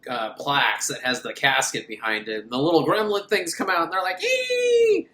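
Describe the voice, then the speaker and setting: A man's voice: medium pitch, fairly quick, bright, forceful tone, roomy sound. A man recapping a horror film in a sarcastic, rambling, mocking way. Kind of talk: comedic movie recap.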